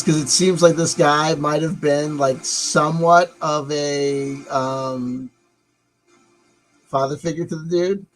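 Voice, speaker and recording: Casual male streamer with a slightly higher-pitched voice, rambling and self-interrupting, swears freely. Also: fairly even intonation, slow pace, faint music behind, low-quality recording. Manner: rambling, musing aloud, swearing. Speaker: live-stream host. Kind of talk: casual live-stream commentary.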